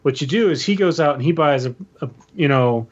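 A man with a fairly high voice rambles through a podcast chat, leaning on fillers like "you know" and "like." His mic sounds a little dull. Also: expressive, a little fast, slightly rough. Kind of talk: casual chat.

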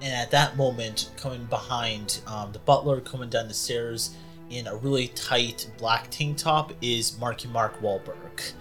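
A man at a middling pitch running a tabletop game as game master. He narrates loosely and breaks into laughs often. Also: unhurried, fairly bright tone, soft background music.

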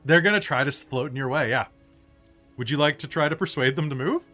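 A young man narrating as game master of a tabletop game, relaxed and rambling with self-mocking asides. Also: fairly high pitch, quick pace, faint music behind.

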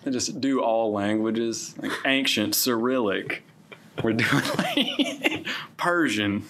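A man's voice: mid-range voice, huge pitch swings, takes it slowly, fairly bright tone, a little hiss or hum. A man co-host in casual chat, hesitant and repeating words as he thinks aloud. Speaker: podcast co-host.

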